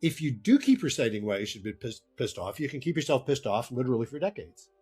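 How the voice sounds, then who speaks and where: A man's voice: mid-range voice, expressive, fast talker, a little mellow, breathy edge, faint music behind. A man speaking as a therapist guest, explaining ideas earnestly in conversation and laughing between points.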